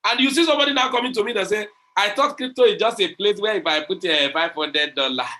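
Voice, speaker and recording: Guy with a bright, kinda high voice giving a preachy crypto pep talk, keeps retelling chats. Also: fast talker. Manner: preachy, repeats phrases, retells conversations. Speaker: crypto community leader. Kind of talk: motivational online talk.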